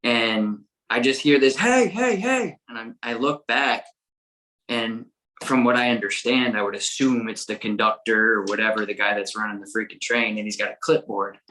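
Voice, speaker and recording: Excitable man telling a story. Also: on the low side, moderate pace, rough recording. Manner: animated, excitable, swears often, repeats words. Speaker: podcast guest, dog trainer. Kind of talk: casual storytelling.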